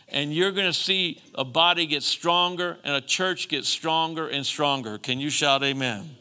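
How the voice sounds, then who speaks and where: A man preaching a sermon as pastor, calling for amens and moving between emphatic and soft, earnest passages. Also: a little high, normal speed, hardly any pauses, clear, resonant tone. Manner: preachy call-and-response, rising to emphatic then softening.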